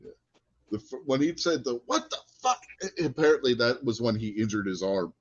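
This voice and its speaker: A man co-hosting a casual wrestling chat show, telling stories in an animated way and laughing often. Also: mid-range voice, brisk, husky. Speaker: podcast co-host. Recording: dull lo-fi podcast audio.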